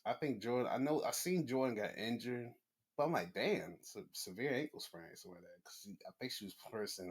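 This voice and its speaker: A man hosting a casual sports podcast, rambling and swearing, often jumping into excited, high-pitched rants. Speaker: podcast host. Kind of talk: casual wrestling chat.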